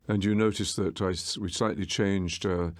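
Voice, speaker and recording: A man, the film's director, giving a measured, explanatory audio commentary with small restarts as he walks through scenes. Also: low-pitched, fairly even intonation. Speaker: film director.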